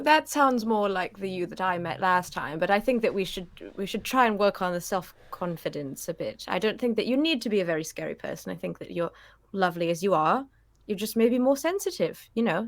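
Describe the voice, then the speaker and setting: Gently soothing role-play player. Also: female voice, mid-range voice, expressive, normal speed, vocal fry. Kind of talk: in-character tabletop role-play.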